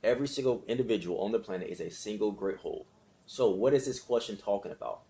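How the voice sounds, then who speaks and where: A man's voice: on the low side, quick pace, warm tone. A man leading a casual self-help lesson and guided meditation, talking conversationally, repeating himself and checking in with his listeners. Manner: conversational, repetitive, with frequent check-ins; laughs between phrases. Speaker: self-help study leader.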